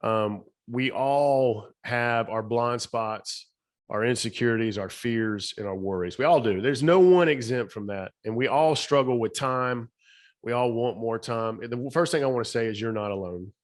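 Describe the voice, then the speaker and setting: A man's voice: mid-range voice, moderate pace. A middle-aged man with a Southern accent, a podcast guest giving emphatic motivational talk, his voice slightly shaky. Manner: emphatic, repeats key phrases. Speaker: podcast guest, speaker and author.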